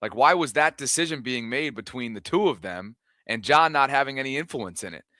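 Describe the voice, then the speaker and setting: A man co-hosting a sports podcast, questioning and explaining in a measured way. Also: mid-range voice, expressive, sharp tone, dry recording, clean studio sound. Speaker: podcast co-host.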